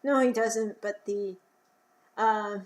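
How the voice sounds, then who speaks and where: A woman's voice: mid-range voice, fairly even intonation, slow pace. A young woman hosting a podcast, chatting casually about comics in a rambling way with fillers. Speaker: podcast host. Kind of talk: casual comic book commentary.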